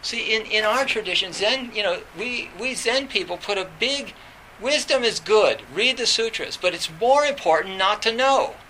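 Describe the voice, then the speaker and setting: High bright-voiced man giving a Zen talk. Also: lively intonation, normal speed, slight background noise, rough recording. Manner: rambling, many fillers and restarts. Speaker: Zen teacher. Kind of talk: dharma talk.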